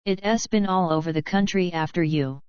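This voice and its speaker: A woman's voice: lowish voice, a little fast, a little mellow, clear, resonant tone, dry recording, muffled recording, natural voice. A woman voicing a lounging male telegraph clerk who speaks in an offhand, casual way.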